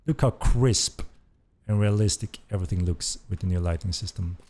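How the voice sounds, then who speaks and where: A man's voice: deep voice, moderate pace, darkish tone. A man hosting a game developer stream, giving enthusiastic live commentary as he plays and repeating his praise. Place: at a computer playing the game.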